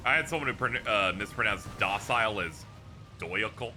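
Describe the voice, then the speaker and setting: A man's voice: fairly low pitch, brisk, pushed and bright, soft background music. A man streaming a video game live, chatting casually as he reads viewers' posts aloud, laughing often and swearing freely.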